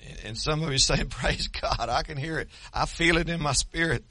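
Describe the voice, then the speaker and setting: Folksy older preacher. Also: male voice, a little high, fairly quick, sharp tone, no echo. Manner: folksy, joking, preaching with rising fervor. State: losing his voice from yelling. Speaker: pastor. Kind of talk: sermon.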